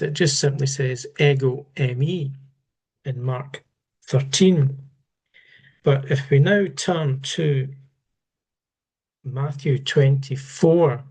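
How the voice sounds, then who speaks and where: A man giving an unscripted Bible study lesson, measured and halting, often restarting his words. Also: medium pitch, vocal fry, darkish tone, breathy edge. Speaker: Bible teacher.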